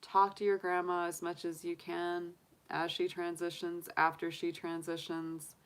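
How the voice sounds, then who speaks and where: A woman's voice: fairly low pitch, flat delivery, measured pace, clear, resonant tone. A woman, hosting a tarot live stream, chatting openly and emotionally with viewers and laughing often. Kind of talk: casual live-stream chat.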